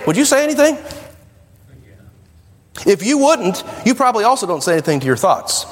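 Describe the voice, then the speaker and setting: A man's voice: high voice, lively intonation, moderate pace. A man preaching a sermon to a congregation, emphatic and questioning his listeners. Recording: echoey hall with long reverb.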